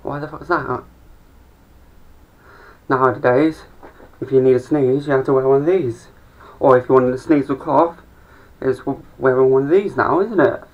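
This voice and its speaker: A man's voice: medium pitch, normal speed, pauses often. A young man rambling through a sweary stand-up monologue with mumbled asides. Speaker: amateur comedian. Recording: dull lo-fi home recording.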